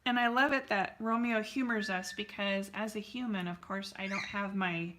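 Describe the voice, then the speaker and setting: A woman's voice: mid-range voice, fairly even intonation, normal speed, fairly bright tone, slight background noise. A woman artist hosting a live painting stream, chatting casually and answering viewers' comments with lots of fillers.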